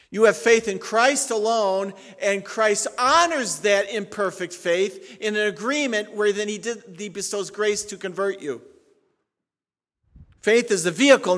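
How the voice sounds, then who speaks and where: Male pastor, somewhat high voice, emphatic sermon delivery with loud peaks and hushed asides, long hall reverb. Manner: emphatic preaching, swings from loud declarations to quiet asides.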